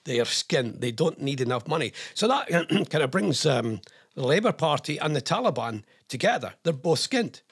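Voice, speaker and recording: A man's voice: on the high side, big pitch swings, moderate pace, gravelly, husky. A man, a radio presenter reading out news items in casual chat, rambling with jokey asides.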